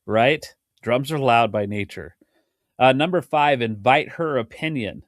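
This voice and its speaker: A man's voice: mid-range voice, a little slow, no echo, studio quality. A middle-aged man hosting a podcast and chatting casually, rambling and cutting himself off, with the hiccups. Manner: rambling, self-interrupting, laughs often. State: has the hiccups. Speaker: podcast host and drum teacher. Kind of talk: casual chat.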